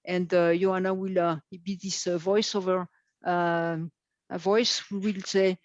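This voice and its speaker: A woman moderating an online event, speaking haltingly with many filler sounds. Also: fairly low pitch, flat delivery. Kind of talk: hesitant live announcements. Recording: dull lo-fi video call audio.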